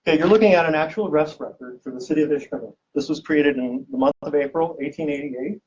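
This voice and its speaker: A man's voice: fairly high pitch, fast talker, a little mellow. Joking male archivist lecturing a live audience. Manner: jokey, teasing, quizzes the audience. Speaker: university archivist giving a public talk. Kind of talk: lively public lecture with audience questions. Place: event room with a live audience. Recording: distant, dull lo-fi room recording.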